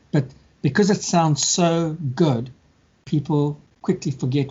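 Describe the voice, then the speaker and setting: A man chatting casually, telling stories and acting out scammers and their victims in quick mock voices. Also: a little high, mellow, husky. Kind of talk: casual chat. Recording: dull lo-fi sound.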